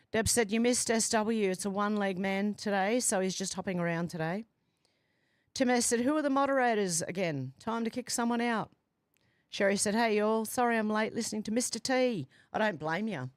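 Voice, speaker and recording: This livestream host from Australia, medium in pitch, reads her viewers' messages out loud in a lighthearted, talkative manner. She's broadcasting from home with doors and windows open, yet the recording is dry and clean like a studio.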